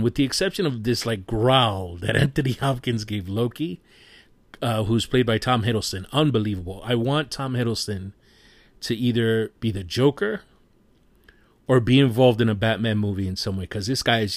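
A man's voice: fairly low pitch, no echo. A man giving a casual spoken movie review, passionate and rambling, who swears freely.

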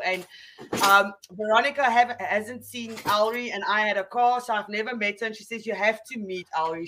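Female guest, giggly, high bright voice, slow, faint background noise. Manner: giggly, laughs often, slow halting speech. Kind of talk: casual on-air chat.

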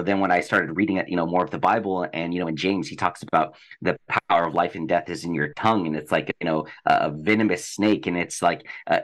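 A man's voice: low voice, a bit bright. A man on a faith podcast, telling a personal testimony in an earnest, reflective way. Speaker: podcast co-host.

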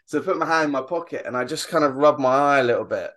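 A man hosting an interview, telling an embarrassing story in a lively, self-deprecating way. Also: medium pitch, quick pace, few pauses. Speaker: podcast host. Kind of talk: casual interview chat.

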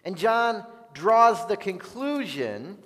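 A man with a high voice preaches a sermon at a slow, deliberate pace. He reads scripture in an earnest tone, and his words ring out with the long reverb of a church hall. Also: big pitch swings, a bit bright. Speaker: pastor.

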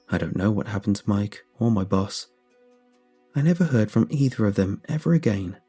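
A man narrating a horror story in a steady, measured way. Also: fairly low pitch, slightly rough. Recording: faint background music.

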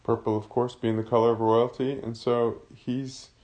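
A man's voice: mid-range voice, little pitch movement, moderate pace, a little mellow, highs cut off. A man teaching a casual Bible study, explaining a passage in a conversational way.

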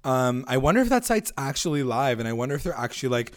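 Talking fast with big swings in pitch, this mid-range-voiced man co-hosts a show recapping a TV episode. He's relaxed, says "like" a lot and curses freely, with crowd noise in the background.

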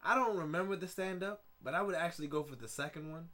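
A man's voice: on the high side, quick pace, sharp tone. A man hosting a solo podcast in rambling, jokey casual chat, laughing often and tripping over repeated words. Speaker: podcast host.

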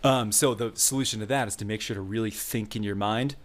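A man's voice: lowish voice, fairly even intonation, fairly quick. A man co-hosting a casual podcast, patiently explaining vocal technique and demonstrating. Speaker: co-host giving a voice lesson.

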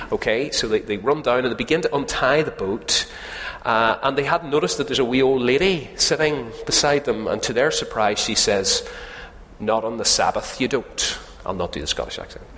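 A man's voice: lowish voice, a bit bright. A man preaching a sermon to his congregation, conversational and humorous, often asking them questions. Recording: long hall reverb.

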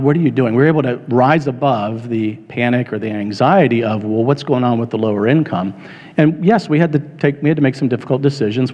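A male pastor giving a sermon in a conversational, halting way with many fillers, rising now and then to an impassioned retelling. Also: mid-range voice, a little mellow. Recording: long reverb of a large hall.

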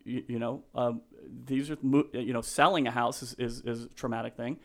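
On a casual podcast interview, a middle-aged real estate agent speaks earnestly and with open sentiment, rambling and restarting often. His mid-range voice moves at a normal speed with fairly even intonation.

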